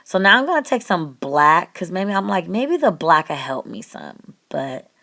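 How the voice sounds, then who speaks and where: A woman's voice: fairly low pitch, very animated, moderate pace, vocal fry, sharp tone. A woman talking over her makeup tutorial in a chatty, upbeat way, laughing often and talking straight to her viewers. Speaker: beauty vlogger.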